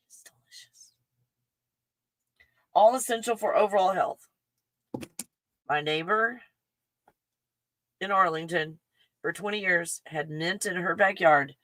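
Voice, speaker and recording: A woman with a Texan accent, hosting a casual livestream and chatting in an excitable, rambling way full of fillers. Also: lowish voice, dry recording. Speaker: livestream host. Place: home in the mountains.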